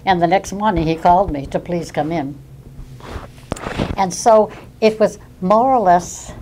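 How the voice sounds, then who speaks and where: A woman's voice: deep voice, dark tone, a little hiss or hum, poor audio. Older Massachusetts woman telling stories. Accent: Massachusetts, non-rhotic. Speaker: local resident sharing memories. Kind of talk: personal anecdote.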